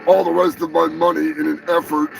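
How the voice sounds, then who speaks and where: A man hosting a live podcast, giving a profane mock apology that swings from slow solemn talk to shouted rage. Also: on the high side, little pitch movement, vocal fry, music in the background, low-quality recording. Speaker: podcast host. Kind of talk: mock-apology comedy rant.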